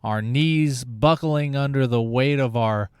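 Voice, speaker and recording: Man, podcast host, sarcastic rambling monologue, unhurried delivery, dry close-mic sound. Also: medium pitch, darkish tone, clean tone, no room sound. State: out of breath. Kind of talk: casual comedic monologue.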